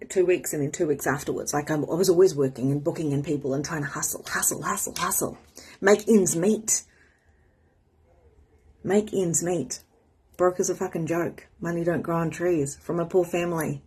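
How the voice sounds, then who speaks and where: A woman in her thirties talks candidly and with animation in a casual motivational chat. Her voice sits on the low side and has a husky edge. Now and then she jumps up high to mimic a friend. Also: a little mellow. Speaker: host.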